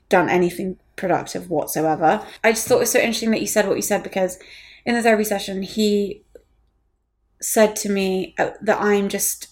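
Blunt woman, swearing freely. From England. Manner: blunt, swears freely, rises in pitch when heated. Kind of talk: candid casual chat.

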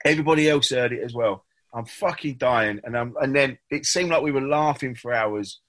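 A man telling an animated anecdote in a casual chat. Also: mid-range voice, brisk.

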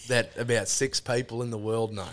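A man's voice: mid-range voice, fairly even intonation, moderate pace, fairly bright tone. An Australian man, a podcast guest, telling long rambling stories in casual chat, full of swearing and fillers.

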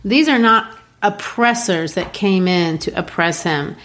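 Woman with a lowish voice breaking down a play, animated, explains a lot. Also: measured pace. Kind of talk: discussing a play.

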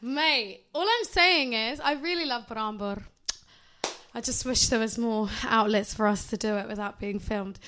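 A woman's voice: fairly high pitch, sharp tone, slight background noise. A woman co-hosting a podcast, chatting casually with frequent laughs and exclamations. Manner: laughing, exclamatory, quick asides. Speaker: podcast co-host. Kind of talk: casual chat.

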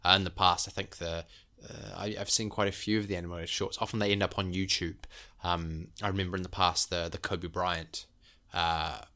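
Deep-voiced man chatting on a podcast. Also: pushed and bright. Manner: rambling, enthusiastic, many fillers. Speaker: podcast co-host. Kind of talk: casual podcast chat.

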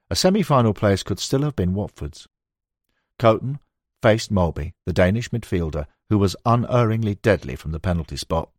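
Deep-voiced man narrating an audiobook. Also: expressive, dry recording, clean studio sound. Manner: measured, storytelling delivery. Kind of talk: scripted nonfiction narration.

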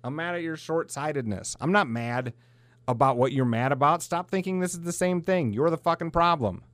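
A man's voice: a little high, fairly quick, a bit bright, no echo. A middle-aged man from South Dakota, hosting a podcast in a heated, blunt monologue full of swearing. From South Dakota, USA. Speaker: podcast host. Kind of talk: profane ranting monologue.

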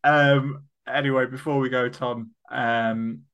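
A man's voice: medium pitch, fairly even intonation, slow pace, a bit bright, clean tone, highs cut off. A man hosting a casual football podcast, chatty and full of ums as he steers the segment. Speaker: podcast host. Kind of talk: casual chat.

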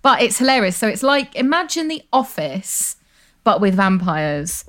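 A woman's voice: mid-range voice, sing-song, moderate pace, fairly bright tone. A woman co-hosting a podcast in casual chat, bubbly and giggly as she tells stories. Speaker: podcast co-host.

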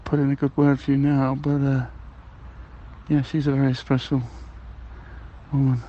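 A man's voice: mid-range voice, completely flat delivery, normal speed, mellow, lo-fi sound. Rambling man with faint noise. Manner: rambling, cheerful, full of hesitations. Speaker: balloon ride passenger leaving voicemails. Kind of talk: comic voicemail monologue.

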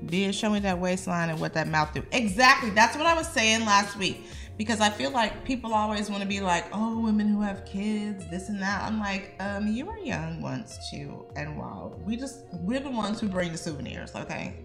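A woman co-hosting a casual group chat, reading listener comments aloud and reacting with lively opinions. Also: mid-range voice, normal speed, vocal fry. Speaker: podcast co-host. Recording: echoey room with music behind.

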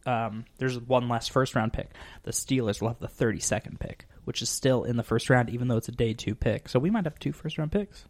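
A man hosting a casual podcast, telling stories in a quick, rambling, animated way. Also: medium pitch, no echo. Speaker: podcast host. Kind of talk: casual chat.

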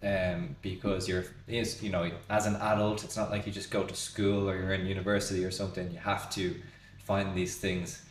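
A man's voice: deep voice, level tone, moderate pace, a little hiss or hum. A man hosting a podcast in a pub, talking casually and rambling until he loses his train of thought. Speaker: podcast host. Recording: roomy pub with faint ambience.

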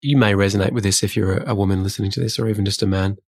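A man's voice: fairly low pitch, steady tone, racing, darkish tone, slightly rough. A man co-hosting a podcast, telling stories in a casual, self-deprecating way. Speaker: podcast co-host. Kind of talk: casual conversation.

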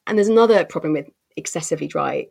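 A woman's voice: low voice, expressive, fast talker, gravelly, darkish tone, breathy edge. A woman executive giving expansive, articulate interview answers with frequent fillers and restarts. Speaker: company co-CEO guest.

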